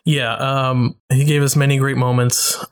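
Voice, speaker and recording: A man's voice: mid-range voice, flat delivery, unhurried, clean tone. A man co-hosting a podcast in casual chat, rambling, laughing often and restarting his sentences. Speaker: podcast co-host. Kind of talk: casual chat about an online game.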